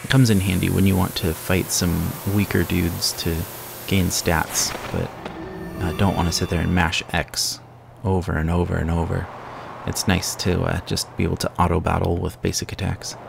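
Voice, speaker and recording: A man casually commenting on a game he plays, explaining mechanics in a relaxed, self-correcting way into a sensitive desk mic. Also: low-pitched, moderate pace, creaky, background noise. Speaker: let's play host. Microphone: sensitive desk microphone. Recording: game music under the voice.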